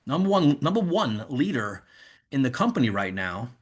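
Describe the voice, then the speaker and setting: A man's voice: mid-range voice, sing-song, moderate pace. A man in his fifties with a New York accent hosting an online info session in a rambling, conversational way. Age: 50s. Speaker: host. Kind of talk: casual online presentation.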